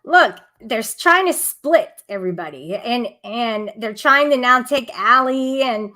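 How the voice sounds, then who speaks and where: Bright-voiced woman speaking firmly. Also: a little high, expressive, unhurried. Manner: firm, defensive, backs up her partner. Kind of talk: casual chat addressing viewers.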